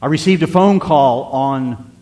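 Older man, church pastor, heartfelt storytelling sermon, mid pitch, long church reverb. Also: unhurried, mellow. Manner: storytelling, tender and earnest, addressing the congregation. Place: church sanctuary.

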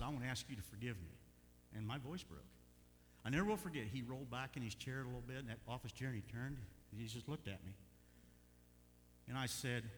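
A middle-aged man preaching a sermon, telling folksy stories with bursts of loud emphasis. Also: mid-range voice. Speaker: pastor. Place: church sanctuary. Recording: long church hall reverb, faint hum.

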